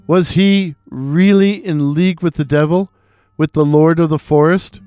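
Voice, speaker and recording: A man with a head cold and a gravelly voice, hosting and reading weird tales with theatrical asides to his listeners. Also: a little high, fairly even intonation, unhurried, dark tone, dry recording, studio quality. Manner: theatrical, addresses listeners directly. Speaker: storyteller and channel host.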